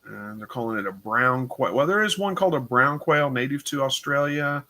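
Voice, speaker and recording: A man's voice: mid-range voice, expressive, moderate pace, sharp tone. A tired man hosting a casual livestream, reading viewer comments and rambling through his answers with plenty of fillers. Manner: rambling, unsure, thinking aloud with fillers. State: tired, yawning. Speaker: livestream host.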